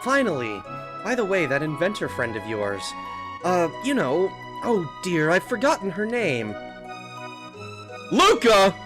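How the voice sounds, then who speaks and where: A man's voice: on the high side, very animated, moderate pace, over music, voice pushed up. A man voicing a fussy middle-aged mother who scolds her sleepy son in a singsong way. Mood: chatty.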